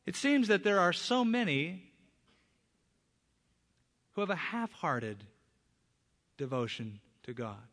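A man's voice: a little high, lively intonation, slow, long pauses. A man preaches with a slightly raised, emphatic voice, pressing hard on key words. His sermon carries a long reverb from a large church hall. He speaks as a pastor from the pulpit. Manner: emphatic, rising to loud stresses on key words.

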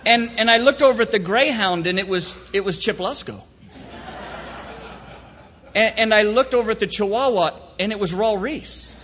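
Male preacher, high pitch, folksy storyteller turned solemn; echoey, dull hall recording. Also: normal speed, a bit bright, slight background noise. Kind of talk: sermon with a comic story and prayer.

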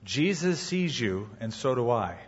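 A man's voice: mid-range voice, very animated, unhurried, slightly rough, dull audio, voice pushed down. A man voicing a smug talking pet parrot in a sermon story.

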